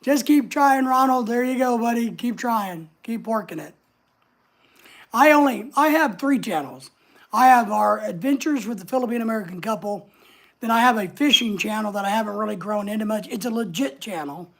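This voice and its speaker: A woman's voice: a little high, lively intonation, normal speed. A woman hosting a casual livestream, chatting away and answering viewer comments as they come in. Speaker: livestream host.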